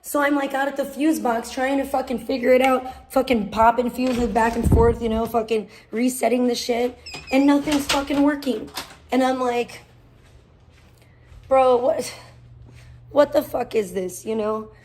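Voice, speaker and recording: A woman's voice: a little high, moderate pace, noisy background. A young woman livestreaming from her garage, rambling and swearing heavily in casual chat. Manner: heavy swearing, rambling and animated. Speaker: livestream host. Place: garage at home.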